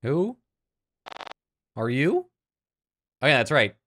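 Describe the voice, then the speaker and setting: A man's voice: medium pitch, slow, a little hiss or hum. Exasperated man swearing through a game. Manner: frustrated, swearing, excitable outbursts. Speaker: gaming YouTuber. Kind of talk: let's play commentary.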